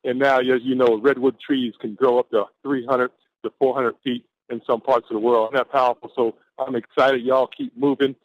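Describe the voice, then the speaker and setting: A man's voice: medium pitch, steady tone, brisk, no room sound. A man, from Atlanta, giving an exuberant, preacher-like motivational pep talk on a conference call and stretching out his key words. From Atlanta, Georgia, USA. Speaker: caller on a team conference call. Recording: dull lo-fi conference call audio.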